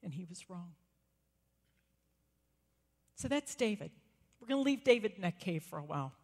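A woman's voice: fairly low pitch, normal speed. Woman preaching in a reverberant church. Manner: storytelling, acting out quotes with rising excitement. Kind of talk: sermon. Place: church sanctuary. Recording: long reverb of a church hall.

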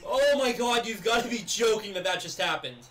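A young man with a high, very bright and edgy voice talks through his gameplay. He is excitable, breaking into shouts and laughter when plays go his way or fall apart. Faint game music plays underneath. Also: brisk. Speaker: gaming video creator. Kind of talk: live gameplay commentary.

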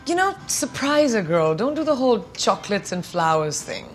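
A woman in her thirties from India, giving playful, chatty quick-fire answers in an interview at home. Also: medium pitch, big pitch swings, faint music behind. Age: 30s. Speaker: celebrity guest. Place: indoors at home.

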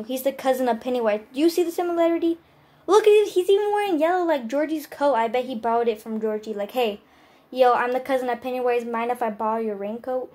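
High-voiced playful woman vlogger. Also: darkish tone. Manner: playful, joking commentary with slang. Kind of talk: casual haul video chat.

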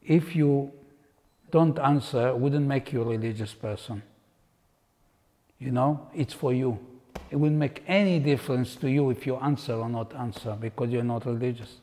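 A man's voice: mid-range voice, moderate pace, mellow, in a large hall, close to an everyday voice. A man voicing his father, patiently reasoning. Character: relaxed, reasonable older father.

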